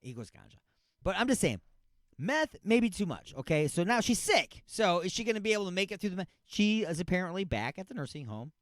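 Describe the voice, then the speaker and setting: A man's voice: high-pitched, big pitch swings, fairly quick, dry recording, studio quality. A man hosting a comedic radio talk show, rambling and jokey, repeating himself and stretching words for effect. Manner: rambling, jokey, mock-outraged.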